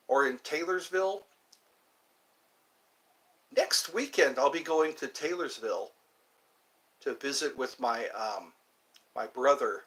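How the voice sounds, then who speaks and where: A man hosting a casual livestream, rambling and answering viewer comments with halting fillers. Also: on the high side, sharp tone. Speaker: livestream host. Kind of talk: casual live chat with viewers.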